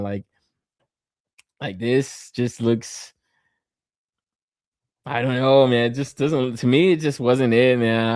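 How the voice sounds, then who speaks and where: A man's voice: medium pitch, a little mellow, smooth, no echo, studio quality. A man hosting a casual toy review podcast, swearing freely, laughing often and talking with lots of filler. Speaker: podcast host.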